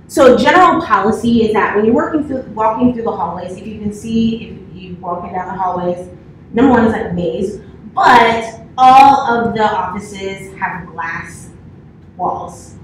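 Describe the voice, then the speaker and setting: A woman in her thirties, a campus manager, giving a chatty orientation talk to a new class with lots of filler words. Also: mid-range voice. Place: office classroom. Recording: roomy, from far off, faint hiss.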